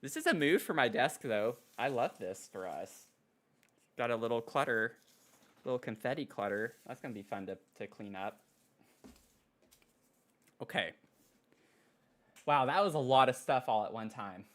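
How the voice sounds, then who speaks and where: A man streaming casually at his desk mic, excitable and giggly, cooing softly to his pet between thanks to viewers. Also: mid-range voice, normal speed, pauses often. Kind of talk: casual live-stream chat. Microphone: desk microphone.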